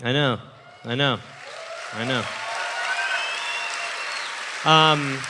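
A man co-hosting a live comedy podcast, joking quickly and reading his own plugs. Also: medium pitch, crowd noise, background noise. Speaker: podcast co-host.

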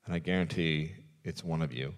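Very deep-voiced sardonic comedian man. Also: brisk, long reverb tail, slight background noise. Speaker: podcast co-host, storyteller. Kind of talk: live comedy podcast storytelling. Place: live theater stage.

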